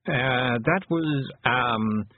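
A man voicing a gloomy, cautious male toad who speaks slowly and hesitantly. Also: medium pitch, no room sound. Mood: mournful. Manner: slow, hesitant, with ums. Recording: dry, phone-like narrow sound.

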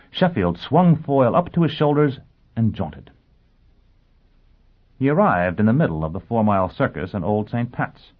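A man reading an audiobook in a measured, dramatic style. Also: fairly low pitch. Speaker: narrator. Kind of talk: audiobook narration. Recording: tinny phone-like band.

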